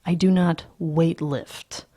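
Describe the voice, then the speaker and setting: A woman's voice: deep voice, steady tone, slow, mellow, slightly rough, exaggerated voice. A woman voicing a cold, irritable young male yuppie, muttered and half-whispered, in an audiobook reading.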